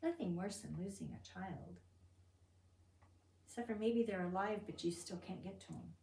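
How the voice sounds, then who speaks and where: A woman guiding a Bible study has a mid-range voice with vocal fry and a normal speed. She reads passages with lively emphasis and questions her group conversationally, her voice distant in an echoey room.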